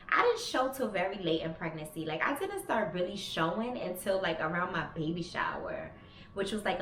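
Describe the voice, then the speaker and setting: A woman in her thirties with a lowish, fairly bright voice chats openly through a personal story for her vlog, cursing freely. Slight background noise mixes with a roomy echo and faint ambience.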